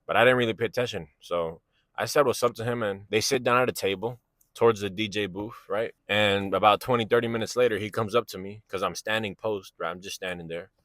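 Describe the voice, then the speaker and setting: A man's voice: lowish voice, fairly even intonation, fairly quick, a bit bright, dry recording. A man, telling a personal story in a casual, slangy, rambling way and often asking "you know what I'm saying".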